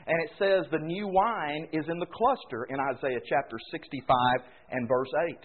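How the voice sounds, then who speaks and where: A man preaching a folksy sermon, swelling suddenly loud and then dropping quiet. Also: a little high, normal speed, hardly any pauses. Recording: tinny phone-like recording.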